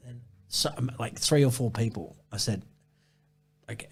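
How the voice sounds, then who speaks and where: A man's voice: medium pitch, normal speed, dark tone, breathy edge. A man telling a long running story in a casual interview, rambling and swearing, with many restarts. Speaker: ultrarunner guest.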